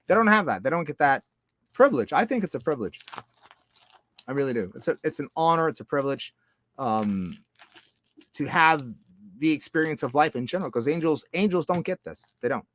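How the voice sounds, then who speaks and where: A man talking in a loose, profane, rambling monologue, jumping between loud outbursts and low mutters. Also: animated, a little fast, pauses often. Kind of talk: casual monologue.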